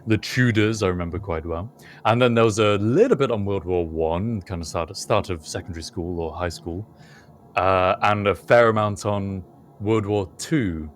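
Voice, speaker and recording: Deep-voiced British man chatting. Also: moderate pace. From United Kingdom. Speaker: podcast co-host. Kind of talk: casual chat.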